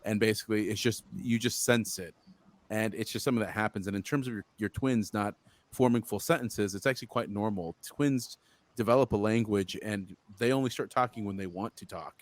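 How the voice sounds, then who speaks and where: A man's voice: lowish voice, fairly quick. A man from Utah, a guest in an interview, talking candidly and frankly in casual chat. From Utah, USA. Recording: dry sound.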